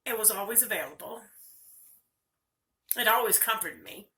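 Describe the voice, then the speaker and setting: An older woman speaks straight to her viewers in a personal video, candid and earnest. Her voice is bright, and the talk feels close and confessional. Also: medium pitch, animated, normal speed. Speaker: vlogger.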